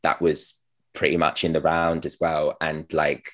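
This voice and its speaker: A man's voice: rumbling low, monotone, unhurried, a bit bright. A man, an actor, chatting casually as a podcast guest, rambling with many fillers and restarts and laughing at his own stories. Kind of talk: casual interview chat.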